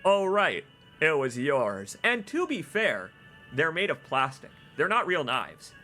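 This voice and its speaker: Guy streaming a game, high voice swinging all over, takes his time, bursts out laughing at the jokes. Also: unhurried, soft background music. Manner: animated, exclaims and laughs loudly at in-game jokes; reads in-game notes aloud and comments on them. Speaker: streamer playing a video game. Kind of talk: casual let's-play commentary.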